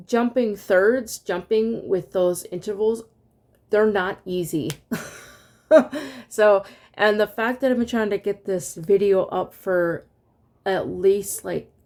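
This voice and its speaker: A woman's voice: mid-range voice, takes it slowly, pauses often, a little mellow. A woman teaching a casual online music lesson, singing solfege syllables and chatting with fillers and laughs.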